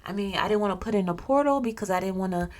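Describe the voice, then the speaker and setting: A woman's voice: mid-range voice, rapid-fire, natural voice. Woman doing a fake-friendly male coworker. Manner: overly friendly, wheedling.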